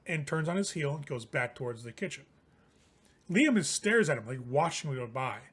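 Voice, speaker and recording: A man running a tabletop game as game master, narrating in a slightly high voice. He keeps it relaxed and often laughs. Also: normal speed, slightly rough.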